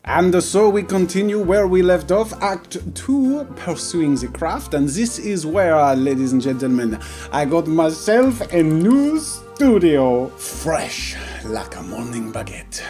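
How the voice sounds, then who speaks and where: A man's voice: fairly high pitch, sing-song, takes it slowly, mellow, faint music behind. A man voicing a self-styled French painter in an exaggerated put-on French accent, narrating a game with lofty, dramatic pronouncements. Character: theatrical French painter man, grandly idealistic. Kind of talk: narrated game let's-play.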